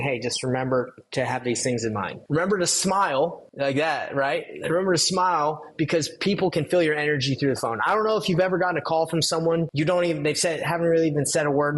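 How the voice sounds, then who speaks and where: A man's voice: on the high side, husky. A man coaching sales calls in a casual, conversational way, walking through a phone script and acting out both sides of the call. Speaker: real estate wholesaling coach. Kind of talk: casual teaching walkthrough of a cold-call script.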